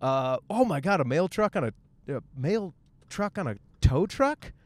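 With big pitch swings and a somewhat high voice, this man in his 30s delivers a rambling, jokey, profane podcast monologue from his car at a normal speed. There's no echo on the recording.

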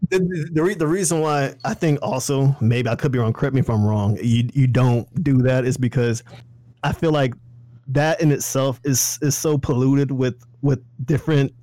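A man in casual podcast conversation with a warm, dark tone. He thinks aloud, hedges, and stumbles over repeated words as he begins. The sound is dry, with no room echo. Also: medium pitch, steady tone, normal speed. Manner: thoughtful, hedging, repeats words while starting. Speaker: podcast co-host. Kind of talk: casual chat.

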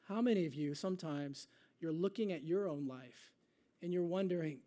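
Guy preaching, pitched high, warm soft tone, chatty then slows way down to read scripture. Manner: dramatic readings with slowed, drawn-out emphasis; conversational asides. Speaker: pastor. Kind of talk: sermon.

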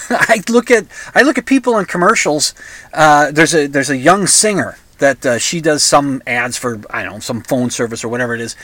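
A man's voice: fairly high pitch, animated, moderate pace, fairly bright tone, dry recording. An older man talking in a casual, rambling monologue, sarcastic, with frequent restarts and asides.

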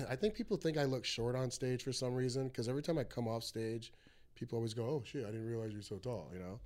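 A man's voice: medium pitch, quick pace. A middle-aged man hosting a podcast, telling comedy stories in casual chat and acting out what people said. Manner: animated storyteller, acts out quotes.

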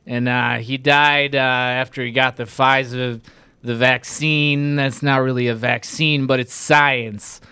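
A man putting on a smug, self-important older male health official who rambles in a halting way with a sleazy New York-style accent. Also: mid-range voice, steady tone, sharp tone, smooth, dry recording.

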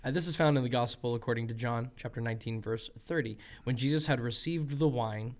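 A man's voice: medium pitch, a little fast. An earnest man talks through scripture in a casual podcast conversation, with a mid-range voice. He speaks emphatically and often restarts his sentences. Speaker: podcast co-host. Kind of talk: casual theological discussion.

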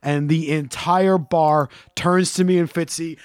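A man in his thirties spins a rowdy story in casual conversation, swearing freely and bursting into chants. His voice sits high for a man, and the recording is dry and close. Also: a little slow, clear, resonant tone, no echo. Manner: animated, profane, acts out chants and shouts.

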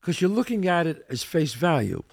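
A man's voice: fairly high pitch, sing-song, normal speed, vocal fry, a little mellow, no echo. A man hosting a show, talking emphatically in a motivational monologue and acting out the voices he quotes. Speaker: podcast host.

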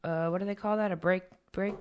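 A woman's voice: lowish voice, fairly even intonation, clear, resonant tone, dull audio. A woman chatting as a podcast guest, loose and giggly. She laughs easily and keeps the talk light and friendly. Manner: giggly, quick to put on voices. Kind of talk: casual podcast chat.

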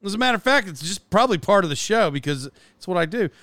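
A man's voice: sits high, expressive, quick pace, a bit bright, no room sound. A man in his forties hosting his podcast, chatting in a rambling, self-deprecating way with lots of fillers and restarts. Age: 40s. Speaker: podcast host. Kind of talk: casual rambling monologue.

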